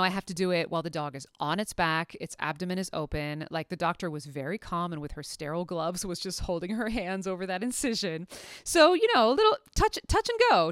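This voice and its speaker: A middle-aged woman, a veterinary anesthetist, telling a story in an animated, chatty way full of fillers and restarts. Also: medium pitch, clear, resonant tone, no room sound, clean studio sound. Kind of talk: casual storytelling.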